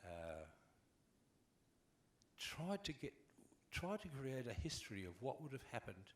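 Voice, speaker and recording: An older Australian actor, a guest on a convention panel, tells wry stories in a relaxed, anecdotal way, animated and acting out each tale. His voice is mid-range and unhurried.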